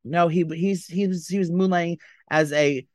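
A man's voice: fairly high pitch, fairly even intonation, darkish tone, dry recording. A man co-hosting a podcast, chatting casually in a gossipy, dramatic way. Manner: gossipy, dramatic, quick-talking. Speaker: podcast co-host. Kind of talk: casual chat.

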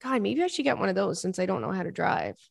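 A woman in her thirties hosts a podcast from a dry, close-miked setup, reading listener emails aloud and riffing on them. Her mid-range voice carries a lot of gravelly fry. She talks loosely, swears freely and drifts into rambling asides. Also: mid-range voice, huge pitch swings, fast talker, dry recording. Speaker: podcast host.

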